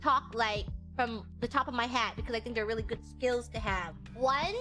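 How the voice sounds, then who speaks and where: A woman streamer chats casually in a high, bright-pitched voice, rambling and breaking into giggles. Clear background music plays under her talk. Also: normal speed. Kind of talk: casual chat.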